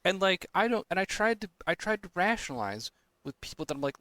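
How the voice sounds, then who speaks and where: A man's voice: fairly high pitch, sing-song, a little fast, a bit bright, no room sound. A young man co-hosting a podcast, chatting casually and ranting with frequent swearing and exasperated outbursts. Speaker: podcast co-host. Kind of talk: casual chat.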